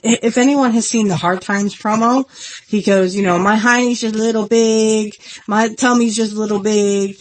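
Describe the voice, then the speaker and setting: A woman hosting her own podcast in an earnest, rambling, self-deprecating casual chat. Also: mid-range voice. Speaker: podcast host.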